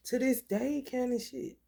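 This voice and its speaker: A woman venting in a casual monologue. Her voice is slightly high and gravelly with fry, and she tells her story bluntly and profanely. She fires off rhetorical questions as she goes. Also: dark tone, slight background noise. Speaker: vlogger.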